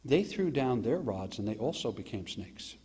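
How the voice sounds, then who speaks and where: Man, American accent, pastor, animated sermon, mid pitch, reverberant church hall. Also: normal speed, husky. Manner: animated storytelling, mocking asides and acted quotes. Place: church sanctuary. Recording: live church stream with long hall reverb.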